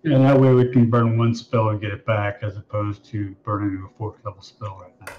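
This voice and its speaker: A man playing a tabletop game, thinking out loud and planning tactics in casual chat. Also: lowish voice, level tone, fairly quick, muffled recording, faint music behind. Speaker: player.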